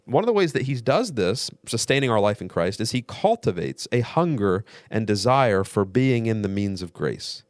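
Man, low voice, dry close sound, guest host teaching theology, earnest and measured. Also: big pitch swings, no echo. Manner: earnest, measured explaining with repetition.

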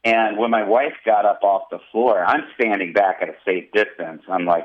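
A male pastor telling a personal testimony in an interview, animated and vivid. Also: on the low side, normal speed, few pauses, narrow, tinny audio. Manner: animated storyteller, acting out quotes.

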